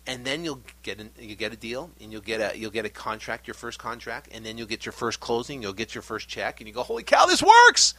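A middle-aged man hosting a podcast, giving an energetic, animated pep talk. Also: on the low side, brisk, few pauses, no room sound. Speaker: podcast host.

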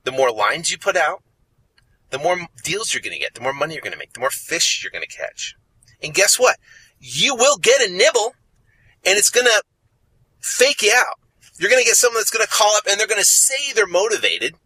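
Podcast host, male, lively and insistent, bright husky voice, dry close mic. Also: high voice, fairly quick, dry recording, poor audio. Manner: animated and emphatic, repeating phrases for effect. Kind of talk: motivational podcast monologue.

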